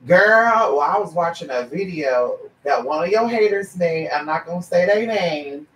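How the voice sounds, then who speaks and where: A trans woman who does paid psychic readings rants to her viewers in a casual vlog, blunt, sassy and swearing freely. She's animated and mimics other people mid-story, her lowish voice at a moderate pace sounding roomy and echoey, far from the mic.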